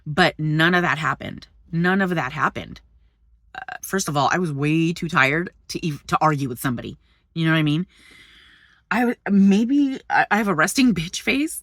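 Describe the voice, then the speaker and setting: A woman's voice: deep voice, a bit bright, no room sound, studio quality. A woman vlogging in a chatty storytelling way, swearing freely, laughing often and jumping between subjects. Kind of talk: casual storytelling vlog.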